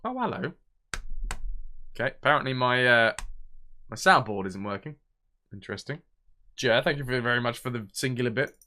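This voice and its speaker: A man's voice: medium pitch, animated, brisk, pauses often, sharp tone. A man, chatting casually on a live game stream, thinking aloud and reading out viewer messages.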